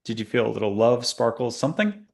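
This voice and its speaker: A fast-talking man with a gravelly, slightly mellow, sing-song voice of medium pitch hosts a spiritual talk show. He's playful and prone to rambling as he guides his podcast listeners through a casual meditation exercise.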